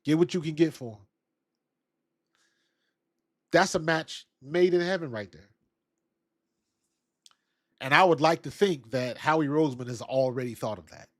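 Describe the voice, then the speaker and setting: A man's voice: a little high, a little slow, pauses often, no room sound, studio quality. A man hosting a casual live-stream about football, chatting loosely and answering viewers' comments from the chat. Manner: laid-back, conversational, reads and answers chat. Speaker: sports talk show host.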